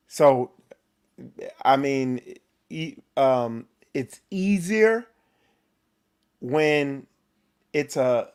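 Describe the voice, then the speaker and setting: Slow, emphatic male show host. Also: mid-range voice. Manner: emphatic, repeats words, restarts. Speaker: host of a men's faith show. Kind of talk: preachy motivational talk.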